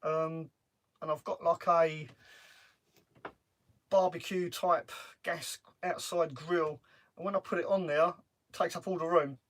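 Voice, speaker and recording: Middle-aged guy, chatty and rambling, a touch high, chatting live from a parked van. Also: fairly even intonation, takes it slowly, long pauses, a bit bright. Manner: chatty, rambling, laughs often. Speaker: van-life vlogger. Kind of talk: casual live stream chat. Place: parked camper van on a driveway.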